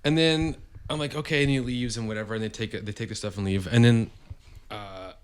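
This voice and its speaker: A man's voice: mid-range voice, steady tone, fairly quick, clear, resonant tone. A man, a podcast guest who owns a vintage store, telling a story casually with many fillers and restarts. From Canada. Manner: rambling, hesitant, many fillers.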